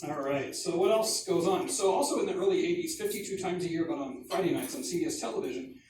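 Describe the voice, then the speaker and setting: 40s guy rambling through stand-up, self-mocking, kinda high voice, super echoey and far from the mic. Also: lively intonation, fast, a little mellow. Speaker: comedian. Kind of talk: stand-up comedy. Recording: echoey distant mic, background noise.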